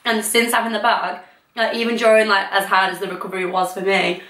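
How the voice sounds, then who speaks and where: A woman's voice: mid-range voice, little pitch movement, quick pace, a bit bright. A young woman, a guest chatting candidly and laughing often. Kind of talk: casual chat. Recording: echoey room, mic at a distance.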